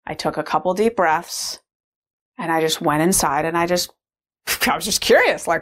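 A woman's voice: lowish voice, moderate pace, a bit bright. A woman sharing a candid, reflective personal story as a course participant, with frequent fillers. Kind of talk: personal testimonial talk.

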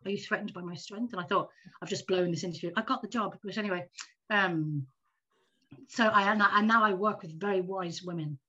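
Woman, 50s, quick animated storyteller, dull lo-fi recording. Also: medium pitch, husky. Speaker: podcast guest. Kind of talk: casual storytelling chat. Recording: dull lo-fi audio.

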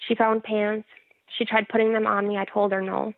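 A woman's voice: medium pitch, flat delivery, fairly quick, no echo. A woman frankly telling her own story in a casual interview, wry and laughing at herself. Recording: tinny phone-like line.

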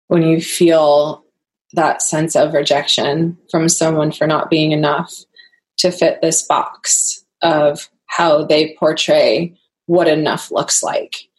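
A woman's voice: low voice, level tone, slow pace. Candid woman telling her story. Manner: candid, earnest, laughs often. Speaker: guest. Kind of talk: personal storytelling in a podcast interview.

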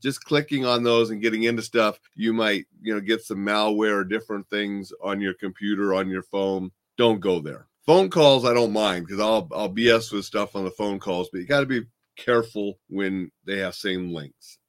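A host from Montana in the United States talks casually from his home desk, spinning stories with blunt, plainspoken chattiness. He speaks in a fairly low pitch at a moderate pace with few pauses.

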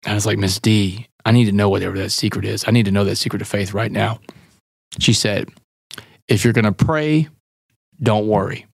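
A man's voice: lowish voice, level tone, fast talker, gravelly, breathy edge, dry recording, clean studio sound. A middle-aged man, a podcast guest, candidly tells a story and acts out the dialogue he quotes. He calls the listener "man" and "brother".

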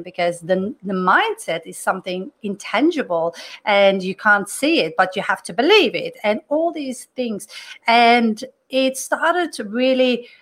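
A middle-aged woman whose first language is not English, a career coach talking earnestly through a personal story in a podcast monologue, with frequent restarts. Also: a little high.

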